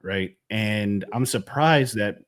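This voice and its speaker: Laid-back man with a lowish voice. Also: slow pace. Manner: laid-back, laughs often, swears casually. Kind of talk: casual chat.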